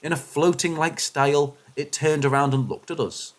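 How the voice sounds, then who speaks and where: A man giving scripted, expressive narration of first-person paranormal stories, shifting his delivery with the suspense. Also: fairly high pitch, moderate pace. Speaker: story narrator.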